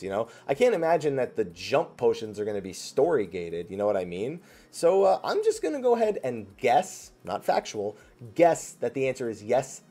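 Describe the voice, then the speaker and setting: Animated, chatty male Q&A host. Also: medium pitch. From New Jersey. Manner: chatty, animated, answers viewer questions. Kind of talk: casual Q&A chat.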